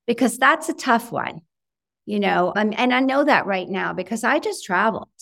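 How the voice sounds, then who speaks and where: A middle-aged woman talks as an interview guest, lively and full of fillers. She acts out little quotes of what she said to herself. Her voice sits at an ordinary middle pitch. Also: normal speed, creaky. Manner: animated, chatty, many fillers and quoted self-talk. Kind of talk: conversational interview.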